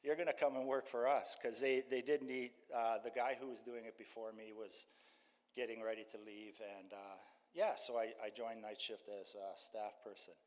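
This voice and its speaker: A retired man in his sixties, a street ministry worker, telling his personal testimony to a church congregation in a halting way, with many fillers. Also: fairly low pitch, level tone. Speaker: street ministry staff member. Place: church sanctuary. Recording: long church-hall reverb.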